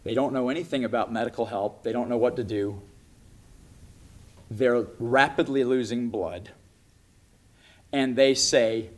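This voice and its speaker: A man preaching a sermon with passion, dropping to a hush and rising to loud cries as he acts out the voices he quotes. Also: mid-range voice, animated, measured pace. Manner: impassioned, swings from soft to loud cries.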